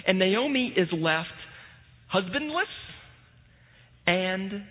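A male pastor preaching a sermon in a church, telling a story with lively energy and the occasional "uh.". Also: sits high, takes it slowly. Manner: storytelling, animated, with frequent filler "uh". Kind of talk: sermon with scripture reading. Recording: tinny phone-like sound in a reverberant hall.

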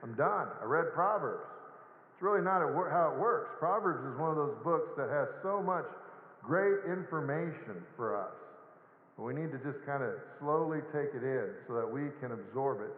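A man with a fairly high voice preaches a sermon, chatty and easygoing, slipping into little acted asides. The sound is tinny and narrow, as if over a phone line. Behind him a large sanctuary rings with long echo. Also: lively intonation, moderate pace. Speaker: pastor. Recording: echoey hall on a tinny lo-fi line.

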